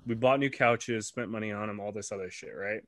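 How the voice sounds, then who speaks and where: Podcast co-host, young man, animated storyteller who swears freely, dry close sound. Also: on the low side, fairly quick, no room sound. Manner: animated, swears freely, acts out quoted voices. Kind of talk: casual storytelling.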